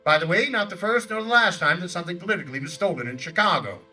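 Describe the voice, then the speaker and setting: A man's voice: lively intonation, fast, sharp tone, slightly rough, far from the mic, soft background music, exaggerated voice, poor audio. A man playing an older Theodore Roosevelt, giving a declamatory outdoor stump speech in character in a park by a lake. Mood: rousing. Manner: booming, declamatory oratory. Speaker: historical reenactor.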